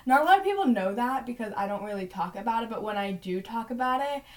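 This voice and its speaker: Young woman, podcast co-host, casual storyteller, slightly high voice, filler-heavy delivery. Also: lively intonation, fast talker. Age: 20s. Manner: chatty, heavy use of "like" and "you know".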